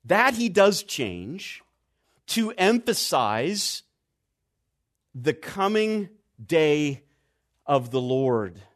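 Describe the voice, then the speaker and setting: Slow, deliberate male preacher. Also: very animated. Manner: slow, deliberate emphasis, dropping low and quiet at phrase ends. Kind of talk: expository sermon.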